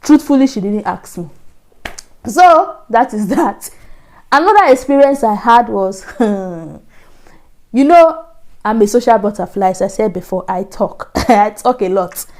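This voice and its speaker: A Nigerian woman vlogger telling a personal story in a lively, animated way, acting out the voices she quotes. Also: fairly high pitch, measured pace. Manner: animated, acts out quoted voices, frequent laughs. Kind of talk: casual storytelling.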